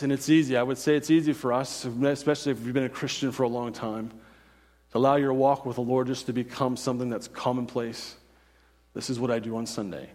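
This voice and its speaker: A man's voice: medium pitch, a little mellow, big-room sound. A man preaching a sermon as pastor, earnest and insistent, often asking "right?" and repeating phrases.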